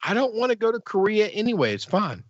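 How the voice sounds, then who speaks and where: Rambling podcast host, a man, lively pitch. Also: quick pace, muffled recording. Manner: rambling, lots of fillers and laughs. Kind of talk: casual podcast banter.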